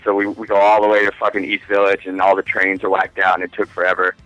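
Bright-voiced man telling a rambling story. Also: low-pitched, completely flat delivery, quick pace, no room sound, lo-fi sound, soft background music. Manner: rambling, profane, laughing storyteller. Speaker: podcast guest. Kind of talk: casual storytelling.

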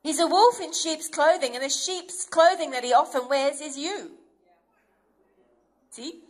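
A woman's voice: sits high, a little slow. A woman preacher giving an earnest, emphatic sermon and acting out inner voices as she goes.

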